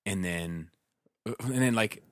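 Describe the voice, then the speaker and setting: A man telling stories in casual chat, animated and profane, acting out what others said. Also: lowish voice, unhurried, no room sound, clean studio sound. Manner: animated, profane, acts out quotes in raised voices.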